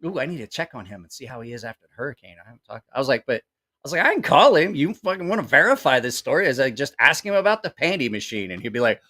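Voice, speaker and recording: Animated, swearing middle-aged man. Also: fairly high pitch, fast talker. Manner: profane, animated, acts out quoted voices; rambling with self-corrections. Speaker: channel host. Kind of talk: casual storytelling.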